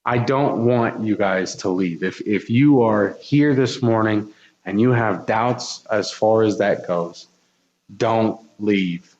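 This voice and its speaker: A man's voice: lowish voice, slow pace, darkish tone. A man preaching a sermon in a church, earnest and repeating his words as he builds intensity. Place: church sanctuary. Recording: echoey, dull church recording.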